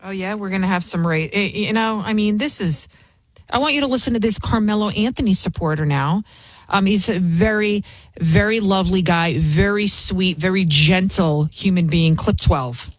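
A woman's voice: mid-range voice, moderate pace, no echo, rough recording. A woman hosts a political opinion show, sounding heated and openly scornful. The recording is dry and close, with no room sound around her voice. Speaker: political commentary host. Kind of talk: opinion commentary.

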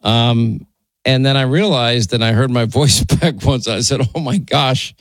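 A man's voice: medium pitch, a little slow, no echo. A man with a New York accent hosting a talk radio show, bantering and teasing his co-host in the studio. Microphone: studio microphone.

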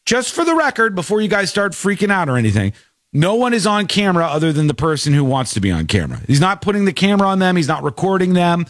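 Animated guy hosting a chat show, bouncy up-and-down voice, pretty high, dry sound. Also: fast talker, no room sound. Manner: animated, chatty, laughing asides. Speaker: show host. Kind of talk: casual commentary on a viral clip.

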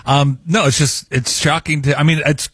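A man's voice: a little high, flat delivery, normal speed, fairly bright tone, slightly rough, dry recording. A man co-hosting a casual talk show, making wry, playful remarks. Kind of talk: casual chat.

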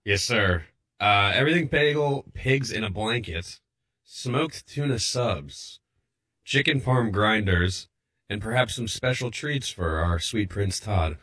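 A man's voice: on the low side, animated, slow, pushed and bright, breathy edge. A man who is a regular on a sports talk show, chatting in a playful, teasing way. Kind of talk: casual talk show banter.

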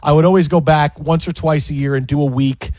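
Animated high-voiced male sports radio host. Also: no room sound. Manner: animated, quick storytelling with restarts. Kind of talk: casual sports radio chat and storytelling. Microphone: studio microphone.

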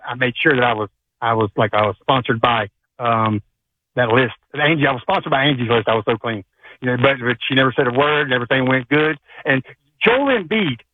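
A man's voice: a little high, slightly rough, no room sound. A man calling in to a radio show, talking long-windedly in a rambling, joking way over a phone line. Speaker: caller. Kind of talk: rambling call-in chat. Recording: phone line, loud and overdriven.

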